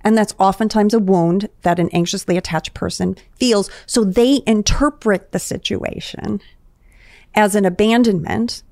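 A woman's voice: mid-range voice, a little slow, a little mellow, no echo, studio quality. A woman therapist, a guest on a podcast, analyzing relationship dynamics in an explanatory, conversational way.

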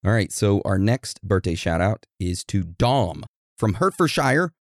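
A man's voice: low-pitched, a little slow, darkish tone, no room sound, studio quality. A man co-hosting a podcast in casual chat, laid-back and joking. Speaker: podcast co-host.

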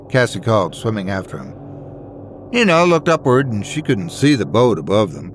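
A man reading a scripted horror story in a measured, suspenseful manner. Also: lowish voice, very animated, a little hiss or hum. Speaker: narrator.

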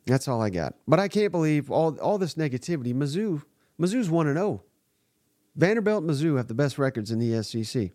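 A man's voice: a little high, big pitch swings, brisk, mellow, dry recording, studio quality. A man hosting a live sports reaction podcast, giving blunt, exasperated and profane commentary. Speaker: podcast host.

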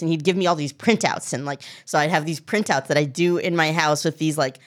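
A woman comedian as a podcast guest, telling a story in a lively way and acting out the people in it. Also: deep voice, fast talker. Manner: animated storytelling, acts out quoted people. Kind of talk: casual podcast conversation.

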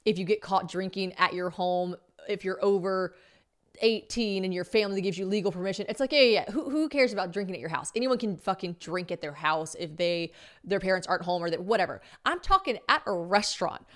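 A woman's voice: medium pitch, lively intonation, fairly quick. A woman in her twenties from the United States, hosting a solo podcast and telling stories casually, swearing freely and acting out other people's lines. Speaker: podcast host.

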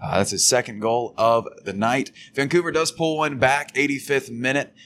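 A man's voice: mid-range voice, moderate pace, fairly bright tone, a little hiss or hum. A man co-hosting a podcast, casually recapping a soccer match in a chatty way. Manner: chatty, swears casually, laughs. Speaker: podcast co-host.

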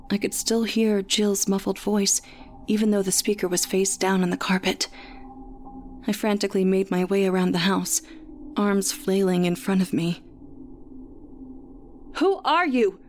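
A woman reading a first-person horror story aloud in a measured, tense way. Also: mid-range voice, level tone, a little mellow, a little hiss or hum. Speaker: narrator.

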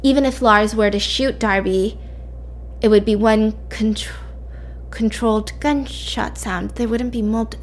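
Woman, fairly high voice, casual story recap, animated, chatty asides. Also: measured pace.

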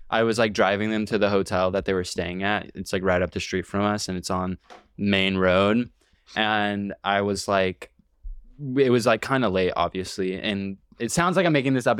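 Young male podcast co-host, lowish clean voice, loose rambling delivery full of fillers. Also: fairly bright tone, smooth, dry recording, clean studio sound. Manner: rambling, filler-heavy, swears. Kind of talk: casual chat.

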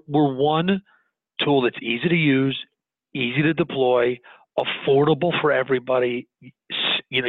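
A man, a business owner, talking earnestly in an interview, animated and restarting his sentences as he goes. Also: mid-range voice, dry recording. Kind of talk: conversational interview. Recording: tinny phone-line audio, dry.

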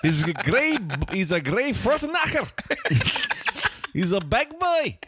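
A man putting on a crude, boastful mock-Scottish character with a put-on Scottish accent that slips toward Australian, repeating catchphrases and shouting them out. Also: sits high, big pitch swings, slow, noisy background, full character voice. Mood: rowdy. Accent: put-on Scottish, slipping into Australian. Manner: repeats catchphrases, loud exclamations. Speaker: podcast co-host. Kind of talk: comedic improv character.

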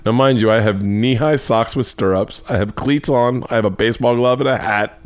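A man hosting a podcast, telling an embarrassing childhood story as a swearing, animated comic monologue. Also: normal speed. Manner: animated, swearing, jumps into high excited pitch for punchlines. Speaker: comedian and podcast host.

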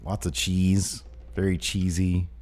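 A man co-hosting a casual podcast chat, reading out viewer questions and joking around with a relaxed, laughing manner. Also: low voice, takes it slowly. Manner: laid-back, joking, laughs often.

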